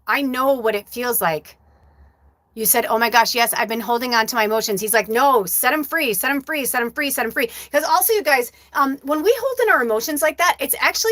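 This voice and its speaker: A high, bright-toned woman speaks as a medium on her live stream, open and emotional and often swearing. Her voice sounds close and dry, with almost no room sound. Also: dry recording. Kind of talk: casual emotional livestream talk.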